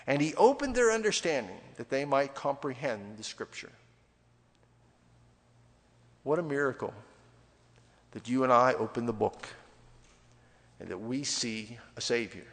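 A male pastor delivering a sermon in an animated, conversational way, swinging from loud emphasis to near-quiet asides. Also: medium pitch, moderate pace. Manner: animated, conversational preaching with sudden dramatic drops in volume. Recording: long reverb of a large hall.

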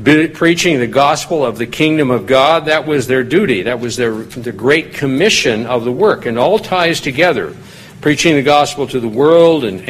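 Man teaching a casual Bible study. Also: low-quality recording. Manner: conversational, rises in pitch when reading quoted lines. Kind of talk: informal Bible study talk.

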